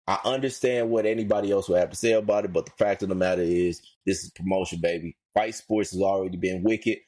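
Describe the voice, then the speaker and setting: A man co-hosting a podcast, ranting in slangy casual talk, his voice climbing high when worked up. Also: fairly even intonation, fast, darkish tone. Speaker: podcast co-host.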